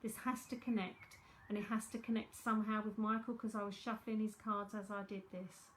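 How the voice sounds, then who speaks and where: A woman's voice: mid-range voice, little pitch movement, brisk, fairly bright tone, a little hiss or hum. A woman with a London accent giving a chatty live psychic tarot reading from home, repeating herself as she talks to viewers.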